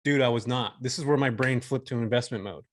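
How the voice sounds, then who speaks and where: A man's voice: medium pitch, fast talker. A man in his forties from California, a podcast guest telling a story in a laid-back, slangy way. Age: 40s. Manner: laid-back, slangy, says dude and bro. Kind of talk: casual storytelling interview.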